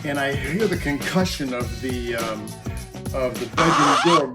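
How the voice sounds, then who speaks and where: A man's voice: medium pitch, unhurried. A man in his fifties telling a rowdy comic story in a rambling, casual way and chuckling often as he goes. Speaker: former roadie telling tour stories. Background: music playing under the voice.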